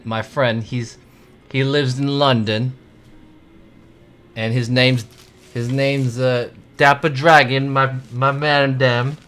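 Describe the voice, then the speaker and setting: A man's voice: mid-range voice, a bit bright, pitched above the performer's own voice. A man putting on a mock London street-slang accent and playing a swaggering young guy. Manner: exaggerated put-on London accent.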